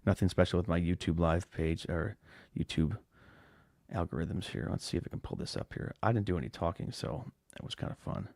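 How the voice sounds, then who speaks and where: A man's voice: deep voice, a little fast, gravelly, a little mellow. A man hosting a lawn care podcast live, chatting casually and rambling with restarts and fillers. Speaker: podcast host. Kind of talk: casual live-stream chat.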